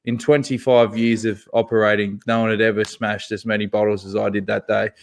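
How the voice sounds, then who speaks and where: A man co-hosting a podcast, telling a long story in a lively, profane way and laughing as he goes. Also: on the low side, fairly quick, gravelly. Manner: animated, swears freely, laughs through his own story. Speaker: podcast co-host. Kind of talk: casual storytelling chat.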